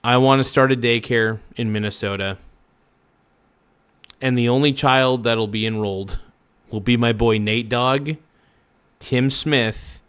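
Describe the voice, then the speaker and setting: A man's voice: lowish voice, fairly bright tone, clean tone. A man hosting a casual reaction livestream, rambling loosely and swearing freely. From Oregon.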